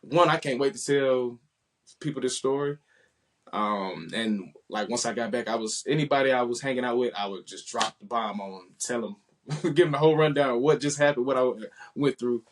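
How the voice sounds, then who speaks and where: A man in his late twenties, a podcast guest, telling his story in an animated, slangy, casual way. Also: mid-range voice, moderate pace. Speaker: interview guest.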